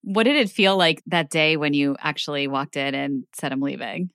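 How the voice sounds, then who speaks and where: A woman's voice: deep voice, normal speed, fairly bright tone, clear, resonant tone. A woman co-host asking brief, curious questions in an interview. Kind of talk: podcast interview.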